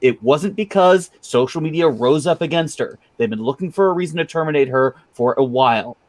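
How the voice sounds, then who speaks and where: A man with a mid-range voice explains things in a calm, measured way on a casual podcast panel. The sound is dry and close, with no room echo. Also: a little high. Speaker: podcast co-host.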